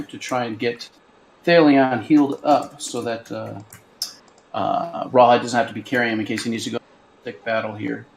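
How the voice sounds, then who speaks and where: A man playing a tabletop game, describing his character's moves haltingly, with many pauses. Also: medium pitch, vocal fry, slight background noise, rough recording. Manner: halting, hesitant. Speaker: player.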